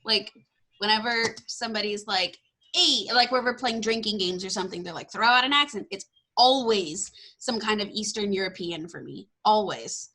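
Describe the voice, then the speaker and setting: Podcast host, female, twenties, from Texas; bright and giggly, self-deprecating, casual. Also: medium pitch, moderate pace. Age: 20s. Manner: bubbly, laughs often, self-deprecating. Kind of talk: casual interview chat.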